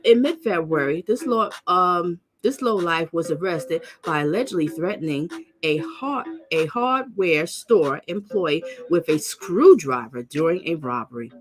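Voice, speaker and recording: A woman's voice: lively intonation, unhurried. A middle-aged woman, reading crime news aloud and breaking off for scornful comments, often stumbling and correcting herself. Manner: blunt and scornful, with sudden high outbursts.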